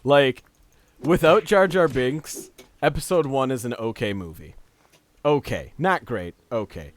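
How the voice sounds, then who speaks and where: A man's voice: mid-range voice, animated, measured pace. A man streaming a game who chats casually and argues his opinions with animation, laughing easily on a headset mic. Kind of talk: casual gaming chat.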